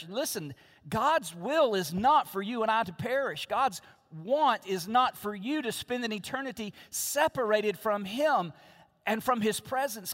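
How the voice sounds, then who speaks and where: A man's voice: sits high, fairly bright tone. A man preaching a sermon from the pulpit, emphatic and repeating his key phrases. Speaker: pastor. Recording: long reverb of a large hall.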